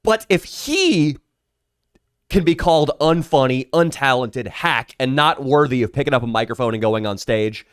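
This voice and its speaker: A man's voice: medium pitch, fairly quick, few pauses, clean tone, no echo, studio quality. A man co-hosting a podcast, trading crude, sardonic, mock-grand riffs in casual banter. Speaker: podcast co-host.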